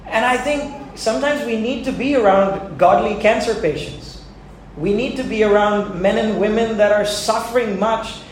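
High-voiced preacher in an echoey hall. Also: male voice, normal speed, a little hiss or hum. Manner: earnest, conversational preaching with laughs. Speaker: pastor. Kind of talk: sermon. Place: church sanctuary.

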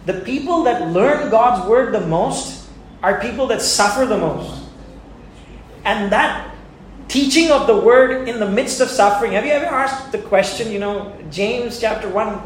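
Male pastor, earnest conversational preaching, high voice, heavy hall echo. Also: lively intonation, unhurried, a little hiss or hum. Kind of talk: sermon. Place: church sanctuary. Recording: very echoey church hall.

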